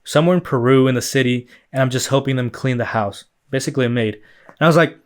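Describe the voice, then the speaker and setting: A man's voice: medium pitch, quick pace. Male podcast host, mid-range voice, loose rambling delivery with plenty of filler words and swearing. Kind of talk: casual solo podcast chat.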